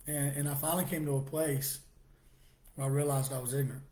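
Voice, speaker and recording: This middle-aged man, mid-range and steady in tone, offers a personal testimony in a halting way. He keeps restarting sentences and occasionally gives a soft laugh.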